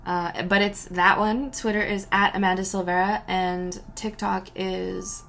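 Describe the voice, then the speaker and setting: A young woman answering viewer questions at home, rambling and giggly, often trailing off into soft whispers. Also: mid-range voice, flat delivery, a little slow, creaky, a little hiss or hum. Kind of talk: casual solo Q&A chat. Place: at home by a window.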